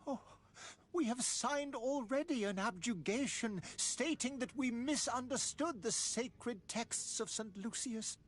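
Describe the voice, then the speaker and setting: A grave persecuted scholar. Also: female voice, on the high side, a little slow. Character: persecuted female scholar, resigned but firm. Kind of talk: video game dialogue.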